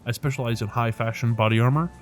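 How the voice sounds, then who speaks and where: A man's voice: medium pitch, steady tone, fast talker, lightly acted. A man voicing a polite, formal male tailor and material scientist in a video game, speaking like a salesman. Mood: courteous. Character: courteous male master tailor, scholarly.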